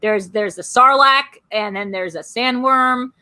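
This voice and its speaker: A woman hosting a live stream, chatting casually and ranting in quick asides. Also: fairly high pitch, sharp tone. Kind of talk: casual chat.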